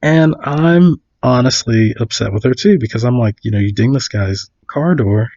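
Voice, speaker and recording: A man's voice: mid-range voice, normal speed, darkish tone, lo-fi sound. A man casually telling a story, full of fillers and restarts, acting out other people's lines.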